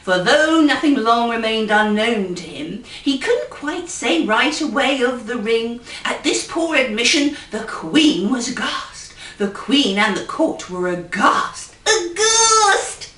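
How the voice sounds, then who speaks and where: A woman's voice: fairly high pitch, animated, measured pace, hardly any pauses, a bit bright. A woman comedy poet and ventriloquist reciting a rhyming fairy tale in a playful, sing-song way. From England. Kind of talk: storytelling verse recitation. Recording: roomy, distant mic.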